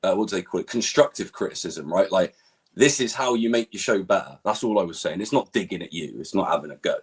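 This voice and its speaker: Husky, lively-voiced man ranting. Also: low voice, quick pace. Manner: animated, swears a lot, mimics other people. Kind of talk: casual online stream chat.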